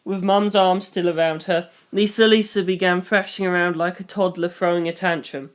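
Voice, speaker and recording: Deadpan first-person story reader, middle-pitched. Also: moderate pace, hardly any pauses. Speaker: channel host reading a fan novel aloud.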